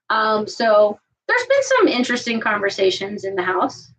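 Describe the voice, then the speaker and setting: A woman's voice: medium pitch, huge pitch swings, normal speed, a bit bright, distant mic, rough recording. Earnest rambling woman, set back from the mic. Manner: rambling, filler-heavy, earnest. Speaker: podcast co-host. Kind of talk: casual chat.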